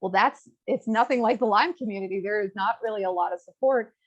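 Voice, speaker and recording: A woman's voice: mid-range voice, fast talker. A young woman tells her own story as an interview guest, frank and earnest, often acting out what others said to her. Her voice sits in a middle register. The audio is a bit dull and lo-fi. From rural Virginia. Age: young adult. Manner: earnest, frank, quotes others in lively asides.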